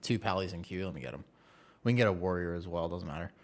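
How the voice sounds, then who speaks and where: A man's voice: low voice, fast. A man in his twenties, a game streamer chatting casually and jokingly with his viewers in a rambling way. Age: 20s. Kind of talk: casual live-stream chat.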